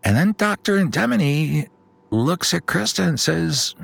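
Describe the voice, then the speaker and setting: A man telling an improvised comic bedtime story on a podcast, slipping into quick character voices. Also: on the high side, creaky, no room sound. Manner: animated storytelling with sudden put-on voices.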